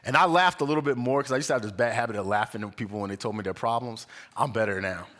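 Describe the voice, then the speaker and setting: Animated man giving a conversational sermon. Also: mid-range voice, very fast, a little hiss or hum. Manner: animated storyteller, acts out quoted voices, laughs often. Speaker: guest speaker at a spiritual center. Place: church sanctuary.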